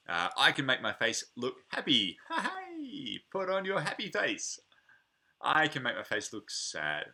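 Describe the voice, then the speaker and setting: A man hosting a preschool playgroup, with a very bright, forceful tone and a voice that leaps up and down. He talks in a playful way to children he can't see. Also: medium pitch. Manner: playful, animated, chatting to unseen children. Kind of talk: singing and reading to preschoolers on a livestream.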